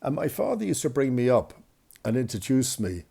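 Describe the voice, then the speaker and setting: An older Irish man telling rambling, self-mocking stories in a casual way, getting excited at the punchlines. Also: medium pitch, a little fast, vocal fry, breathy edge. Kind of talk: casual storytelling.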